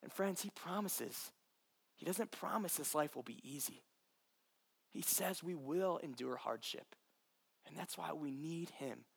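A man's voice: fairly high pitch, expressive, unhurried, creaky, slightly rough. A man preaching a sermon as pastor, passionate and earnest, addressing listeners directly.

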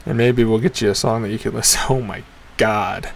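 Crude, gravelly-voiced young male host. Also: steady tone, fairly quick, slight background noise. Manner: crude, rambling, profane storytelling; loud sudden jumps in pitch for emphasis. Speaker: podcast host. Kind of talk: casual comedic monologue.

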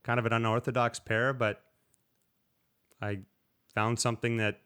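A man at a middle pitch talking in a relaxed, rambling way about playing guitar. He restarts his sentences often and sometimes acts out little quotes. His delivery is loose and conversational. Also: normal speed, smooth. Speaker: slide guitarist guest. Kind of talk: casual interview talk.

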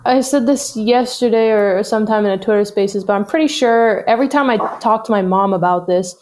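A woman's voice: mid-range voice, a little fast, a little mellow, slight background noise. A young woman who is a guest on a podcast, chatting casually in a wry, self-mocking way and laughing as she talks.

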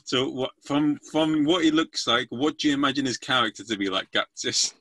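A man's voice: mid-range voice, moderate pace, pushed and bright. A man hosting a casual comedy podcast over a video call, rambling playfully and teasing his guests. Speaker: podcast host.

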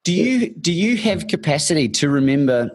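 A man's voice: on the high side, very animated, normal speed. Encouraging male interviewer from New Zealand. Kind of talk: casual interview.

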